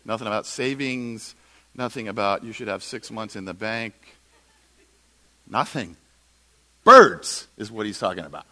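A man's voice: on the low side, expressive, moderate pace, pauses often, bright, forceful tone. A middle-aged male pastor preaching a sermon, telling stories animatedly and acting out dialogue.

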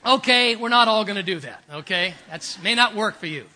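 A man's voice: high-pitched, expressive, fairly quick, bright, forceful tone. An older man preaching a sermon as pastor, earnest and emphatic, telling stories and repeating phrases for effect.

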